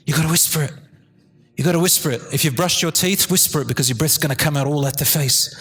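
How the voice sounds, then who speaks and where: Animated male speaker, slightly high voice, live talk in a hall with long reverb. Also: fast talker. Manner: animated, drops to a low calm tone to demonstrate. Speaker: Islamic teacher giving a talk.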